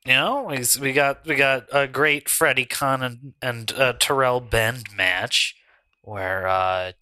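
A man co-hosting a podcast, recapping slowly and haltingly with many fillers in casual comedic chat. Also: mid-range voice, steady tone, sharp tone, no room sound. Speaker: podcast co-host recapping a wrestling game.

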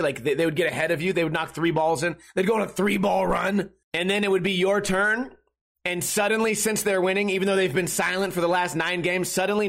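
A man in his thirties with a rather high-pitched voice delivers a rambling podcast monologue. He is sarcastic and profane, with many restarts. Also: fairly bright tone. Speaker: podcast host. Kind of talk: casual ranting monologue.

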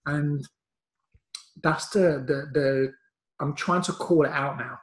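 A man's voice: on the high side, fairly even intonation, takes it slowly, echoey room. A male podcast host speaking earnestly and emphatically in casual chat.

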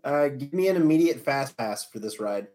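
A player in a tabletop game, speaking in a deadpan, casual way. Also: medium pitch, moderate pace.

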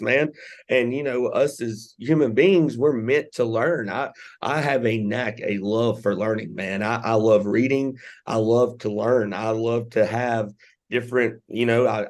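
A man's voice: medium pitch, a little mellow. A man co-hosting a motivational podcast, talking in a reflective, casual way and often saying "man" and "you know". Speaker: podcast co-host.

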